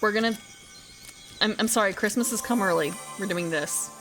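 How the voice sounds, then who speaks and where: A woman's voice: medium pitch, moderate pace, fairly bright tone, faint music behind. A woman streamer chatting casually while she plays, rambling and correcting herself as she goes. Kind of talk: casual gaming commentary.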